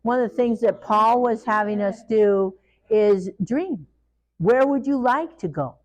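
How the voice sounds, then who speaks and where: A middle-aged woman giving a live training talk, lively and acting out the people she quotes. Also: on the high side, unhurried, highs cut off. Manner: animated, acts out parents and children in quoted voices.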